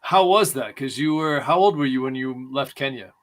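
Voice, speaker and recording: A man's voice: medium pitch, animated, moderate pace, fairly bright tone. A man hosting a casual podcast interview, asking friendly, rambling questions with lots of restarts. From United States. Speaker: podcast host.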